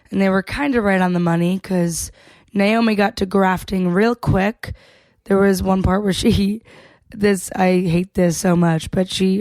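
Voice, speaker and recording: A woman's voice: medium pitch, a little mellow, no echo. A woman co-hosting a podcast, casually recapping an episode in a chatty way, swearing freely and laughing between points. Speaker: podcast co-host.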